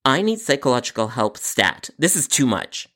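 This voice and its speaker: A man's voice: mid-range voice, big pitch swings, normal speed, sharp tone. A man hosting a podcast, narrating a customer service story with an exasperated, sarcastic inner monologue. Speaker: podcast host.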